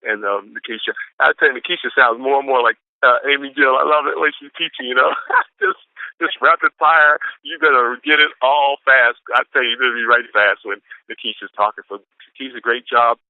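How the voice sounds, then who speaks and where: A man's voice: medium pitch, steady tone, brisk, clear, resonant tone, no echo. A man from Atlanta, Georgia, giving a whooping, preacher-like motivational pep talk on a conference call. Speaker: caller sharing quotes. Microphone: telephone. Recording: tinny phone line, dry.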